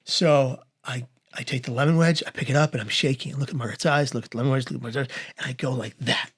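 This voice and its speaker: A man in his forties telling a comic story as a guest, animated and acting out the voices of the people in it. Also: fast, husky. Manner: animated, acts out quoted voices with big pitch swings.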